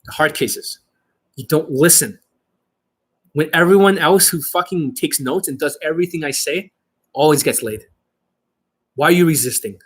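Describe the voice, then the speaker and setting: Boastful, swearing husky-voiced man. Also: on the high side, moderate pace, pauses often. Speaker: dating coach. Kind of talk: profane talk to camera.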